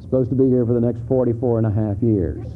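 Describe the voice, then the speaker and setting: A medium-pitched, steady male voice moves fast as a middle-aged pastor delivers his sermon in a church sanctuary. The tone is frank and chatty, though he trips over restarts and rises to forceful high points, all captured on a lo-fi, phone-like recording with faint hiss.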